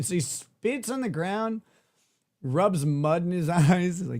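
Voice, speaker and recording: A man hosts a live stream and chats loosely, with a joking, irreverent manner and casual swearing. His voice sits slightly high for a man. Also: animated, normal speed. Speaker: host. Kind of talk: casual livestream chat.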